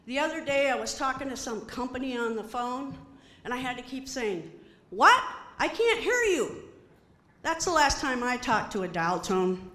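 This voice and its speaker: A middle-aged woman performing a stand-up comedy set, animated and acting out quoted voices. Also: a little high, moderate pace, reverberant, slight background noise. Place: comedy stage before an audience.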